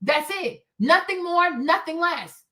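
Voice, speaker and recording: A woman's voice: very high-pitched, lively intonation, takes it slowly, pushed and bright. A woman hosting a livestream, ranting in a heated, profane way and hammering her points through repetition. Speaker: show host. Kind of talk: livestream commentary rant.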